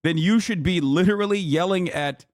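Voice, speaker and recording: A man's voice: sits high, moderate pace, no room sound, clean studio sound. A man streaming, reacting to a video with sarcastic, profane, mocking commentary.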